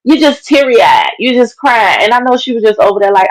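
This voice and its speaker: A woman co-hosting a livestream, chiming in loudly and laughing in casual chat. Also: a little high, animated, fairly quick, low-quality recording. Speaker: livestream co-host.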